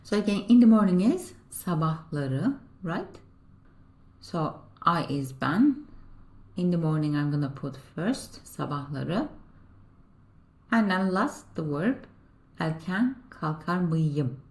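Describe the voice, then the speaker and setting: A woman teaching a beginner language class, calm and patient as she builds each example one step at a time. Her voice sits a little low. She slows down and says each example sentence carefully. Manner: patient, explaining and repeating slowly. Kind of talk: step-by-step grammar lesson.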